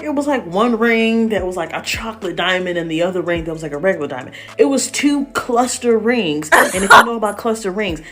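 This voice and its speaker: A woman telling a story in a lively, slangy way, with laughing asides. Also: mid-range voice. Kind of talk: animated storytelling.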